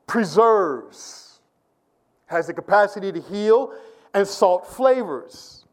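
A pastor preaching a Sunday sermon to his congregation, building from a quiet discussion into emphatic, repetitive calls and questions to the room. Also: sits high, expressive, takes it slowly.

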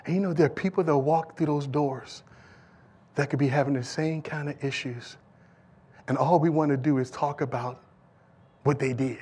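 High-voiced, impassioned male preacher. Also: fairly even intonation, moderate pace, pauses often, a little mellow, husky. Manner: impassioned, repetitive preaching cadence, talks to the congregation. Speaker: pastor. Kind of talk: sermon. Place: church.

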